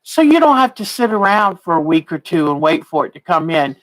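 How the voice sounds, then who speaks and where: Her pitch swings widely as this woman in her sixties, a quilting teacher, chats fairly quickly on a casual livestream. She laughs often but seems a bit tired and yawns, and her lowish voice comes through poor audio.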